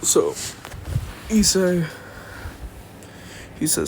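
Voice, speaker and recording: Slow, rambling young man telling a story. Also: on the high side, big pitch swings, gravelly, darkish tone, slight background noise. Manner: rambling, thinks aloud, self-interrupting. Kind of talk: casual improvised fan-fiction storytelling. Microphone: phone.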